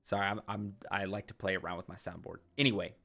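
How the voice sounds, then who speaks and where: This man's low voice is creaky, bright, and forceful, delivered flat and fast. Reading a text adventure game in a put-on accent, he alternates dramatic narration with casual comments aimed at his viewers.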